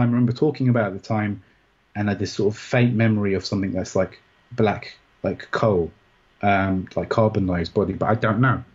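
A man recounting a personal experience in an interview, rambling and halting with many restarts. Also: on the low side, a little mellow, husky. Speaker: interview guest. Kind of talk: personal story in conversation. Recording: dull, muffled sound.

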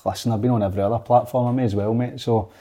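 A Scottish former footballer telling a relaxed anecdote in casual chat. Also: male voice, medium pitch, very fast. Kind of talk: casual storytelling.

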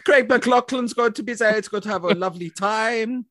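Male podcast guest, high and lively pitch, close dry mic, joking. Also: normal speed, no echo. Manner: joking, wry asides. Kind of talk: casual chat.

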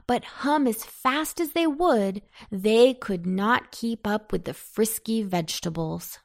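Slow, gentle woman storyteller. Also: mid-range voice. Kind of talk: children's storybook reading.

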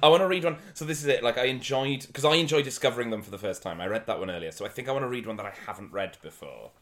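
A man's voice: mid-range voice, rapid-fire, fairly bright tone. A man from Wales with a Welsh accent, chatting on a podcast and reading verses aloud with comic emphasis. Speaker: podcast guest. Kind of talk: casual podcast chat.

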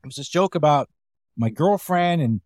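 A man hosting a podcast, telling comedy-club stories in a casual, animated way and acting out the voices of the people he quotes. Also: fairly high pitch, normal speed, no echo, studio quality. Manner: animated, acts out quotes in a raised voice. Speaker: podcast host. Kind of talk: casual storytelling chat.

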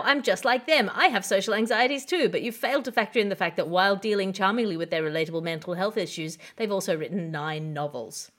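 A woman hosting a comedy podcast, presenting the news and mock ad reads in a dry, wry way. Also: medium pitch. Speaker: podcast host.

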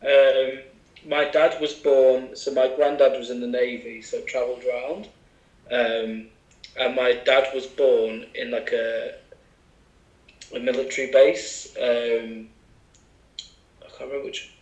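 A man's voice: medium pitch, flat delivery, slow, pauses often, a little mellow, roomy sound, low-quality recording. A man from England chatting casually as a podcast guest, with many fillers and asides. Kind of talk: casual chat.

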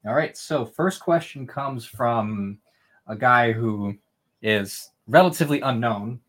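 A man producing the podcast reads out listener questions and jokes around casually. His voice is somewhat husky. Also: mid-range voice, expressive, takes it slowly, a bit bright. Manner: jokey, casual.

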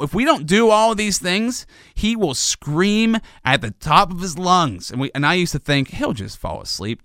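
A man hosting a show, telling a long comic story in a rambling, animated way. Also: sits high, dry recording, clean studio sound. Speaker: host, father of a toddler. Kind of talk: comedic monologue.

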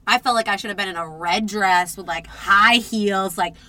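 Young woman gabbing on a podcast, bright voice, swears a lot and acts out what she said. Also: medium pitch, normal speed. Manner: animated, swearing, acts out her own reactions. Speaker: podcast co-host. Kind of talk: casual storytelling chat.

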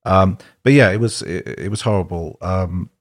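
A man co-hosting a podcast, speaking hesitantly with many ums and pauses. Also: deep voice. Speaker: podcast co-host. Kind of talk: casual podcast chat.

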